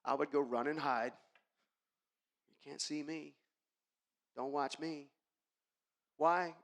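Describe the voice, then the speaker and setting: High-voiced man giving a keynote in a hall. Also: fairly bright tone. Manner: emphatic, addresses the audience directly. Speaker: keynote speaker. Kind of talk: motivational keynote storytelling. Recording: long reverb of a large hall.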